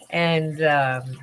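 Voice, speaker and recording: Slow, low-voiced tired woman. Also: fairly bright tone. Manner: halting, many fillers, laughs often. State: tired, yawning. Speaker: livestream host. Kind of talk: casual livestream chat.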